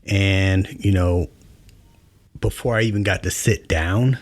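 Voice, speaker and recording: Deep-voiced middle-aged male podcast host, laid-back storyteller, dry close mic. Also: slow pace, no echo. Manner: relaxed, conversational, many fillers. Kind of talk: casual storytelling monologue.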